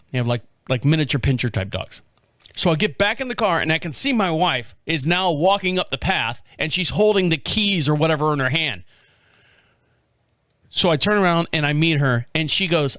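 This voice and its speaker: A man's voice: a little high, big pitch swings, moderate pace, pauses often, a bit bright, no room sound, clean studio sound. A man telling a rambling, profane story in a casual chat, acting out the dialogue as he goes. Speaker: podcast host.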